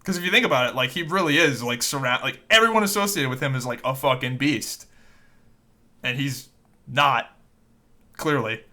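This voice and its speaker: A man's voice: mid-range voice, moderate pace, pauses often, pushed and bright. A man co-hosting a podcast in casual chat, loose and profane, rambling through his points with restarts. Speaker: podcast co-host.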